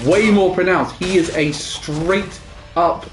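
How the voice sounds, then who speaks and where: A man chatting while playing a game, rambling and pausing mid-thought. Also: high-pitched. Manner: rambling, halting storytelling. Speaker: co-host. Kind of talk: casual gaming chat. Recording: roomy sound with music behind.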